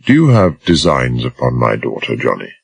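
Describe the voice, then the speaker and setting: A man's voice: extremely low pitch, very animated, moderate pace, gravelly, slightly rough, full character voice. A man voicing a weary, hesitant older father in an audiobook.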